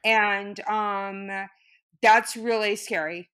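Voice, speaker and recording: A woman's voice: medium pitch, fairly even intonation, extremely slow, a bit bright, clean tone. A woman actress telling an upsetting personal story in an interview, agitated and swearing, with many fillers. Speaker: actress and guest.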